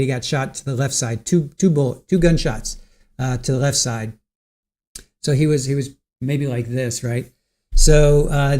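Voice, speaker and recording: A man's voice: medium pitch, a little mellow. A man hosting a casual livestream about a court trial, greeting chat viewers by name and recapping the case with many ums and restarts. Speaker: livestream host covering a trial.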